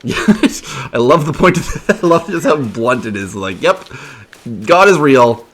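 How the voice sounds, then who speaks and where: A man's voice: mid-range voice, animated, unhurried, a bit bright. A man hosting a video game let's play, chatting casually and rambling with fillers as he plays. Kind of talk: casual gameplay commentary.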